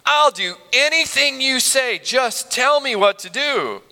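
A man's voice: sits high, big pitch swings, measured pace, bright, forceful tone, in a large hall, pitched above the performer's own voice, heavily acted. A man voicing a panicked man clinging to a branch on a cliff, pleading frantically. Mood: desperate.

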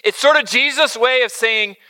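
A man preaching a sermon, earnest, swinging from emphatic lines to soft, hushed ones. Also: very high voice, normal speed. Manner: earnest, shifts between loud emphasis and soft near-whisper. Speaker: pastor.

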